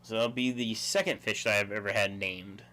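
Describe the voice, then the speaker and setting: A man's voice: fairly low pitch, steady tone, normal speed, bright, forceful tone. Chuckling man chatting on a livestream. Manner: rambling, chuckling, reads chat aloud. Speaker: livestream host. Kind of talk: casual livestream chat.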